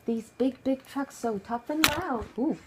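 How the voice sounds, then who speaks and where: A woman who speaks Japanese natively, reading a picture book aloud to her child at home at bedtime, expressive and hushed at times. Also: high voice, unhurried, noisy background. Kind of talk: bedtime story read-aloud.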